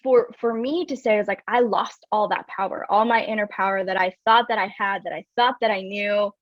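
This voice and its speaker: A woman guest, a wellness coach, tells her personal story candidly in an interview, earnest and reflective and saying "like" a lot. Her voice is medium-pitched with fairly even intonation, and she speaks fairly quickly. The recording is dry and slightly dull.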